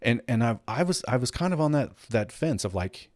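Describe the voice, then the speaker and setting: A man's voice: medium pitch, animated, fast, hardly any pauses, darkish tone, no room sound, studio quality. A man hosting a casual commentary show, ranting bluntly and swearing, with many restarts. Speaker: host.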